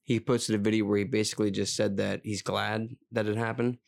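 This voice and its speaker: A man's voice: fairly low pitch, flat delivery, fairly quick, creaky. A man co-hosting a casual podcast, talking reflectively in a rambling way with many fillers. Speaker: podcast co-host. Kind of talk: casual chat.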